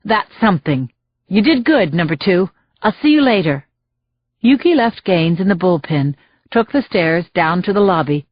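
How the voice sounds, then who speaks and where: A woman reading a thriller audiobook in measured, scripted narration. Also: medium pitch, no echo, highs cut off.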